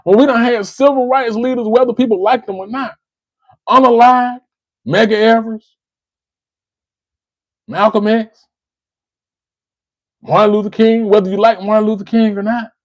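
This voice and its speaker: A man's voice: high-pitched, steady tone, moderate pace, long pauses, no room sound, poor audio. A man from the United States hosting a livestream, giving impassioned commentary, repeating phrases for emphasis and speaking to a listener by name. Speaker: livestream host.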